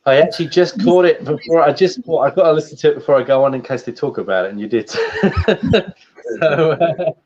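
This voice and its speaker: A man, a guest voice actor, chatting in a relaxed, rambling way on a livestream call, laughing often. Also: fairly high pitch, brisk. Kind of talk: casual livestream chat. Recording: dull lo-fi stream audio.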